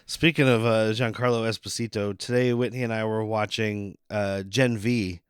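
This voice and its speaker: A man's voice: lowish voice, fairly even intonation, moderate pace, clear, resonant tone, dry recording. Laid-back joking man, dry close sound. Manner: laid-back, joking, mock-quotes characters. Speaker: podcast co-host. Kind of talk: casual chat.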